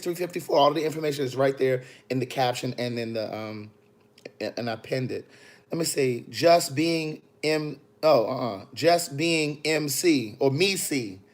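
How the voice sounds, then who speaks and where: A man, an author, chatting on a phone livestream in a sassy, animated way, talking straight to his viewers. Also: on the high side. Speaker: author hosting a live video. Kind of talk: casual livestream chat. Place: in the city after a book event.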